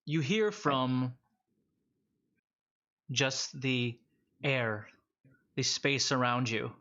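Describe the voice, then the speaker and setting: Brief: unhurried male game master, mid pitch, on muffled lo-fi audio. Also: sharp tone. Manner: slow, drawn-out narration. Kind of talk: narrating a tabletop game. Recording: dull lo-fi audio.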